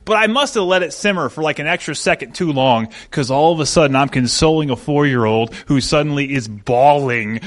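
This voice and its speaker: A young adult man preaching a sermon, telling stories with an animated delivery that swings from quiet to loud. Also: on the high side, fairly quick, hardly any pauses. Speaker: pastor.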